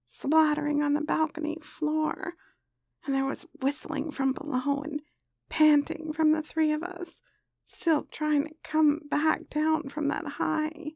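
A woman narrating explicit erotic role-play in a breathy, moaning voice that drifts into whispers. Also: sits high, darkish tone, no room sound.

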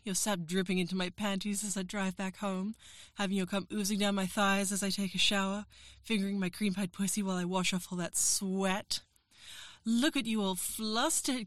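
A woman's voice: mid-range voice, no echo, clean studio sound. A woman performing an erotic audio role-play as a professor, teasing, coaxing and giving orders.

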